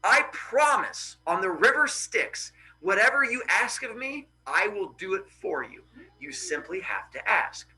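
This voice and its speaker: A man's voice: high-pitched, big pitch swings, unhurried, bright, forceful tone, heavily acted, rough recording. A man voicing a weary, dad-like adult sun god who talks in a casual, apologetic but firm way.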